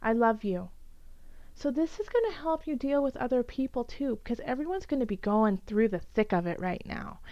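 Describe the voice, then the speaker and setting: A woman's voice: high-pitched, lively intonation, brisk, few pauses, mellow, no room sound, lo-fi sound. A woman giving an earnest, encouraging tarot reading for each zodiac sign, with many fillers and restarts. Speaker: tarot reader.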